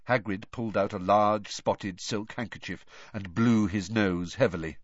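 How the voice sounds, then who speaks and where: A male audiobook narrator with a slightly husky voice, reading in a measured, expressive way with a lively rise and fall in pitch. The recording sounds dull, lo-fi and dry. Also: no room sound. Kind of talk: storybook narration.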